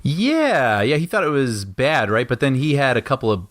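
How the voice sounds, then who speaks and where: Animated man chatting movie commentary. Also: medium pitch, moderate pace, no echo, studio quality. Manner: animated, laughs often, trails off mid-sentence. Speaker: podcast co-host.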